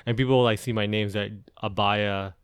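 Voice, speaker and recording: A man's voice: fairly low pitch, steady tone, fairly quick, clear, resonant tone, no echo, studio quality. A man guesting on a podcast, goofing around with playful jokes. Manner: goofy, playful joking. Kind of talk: casual podcast chat.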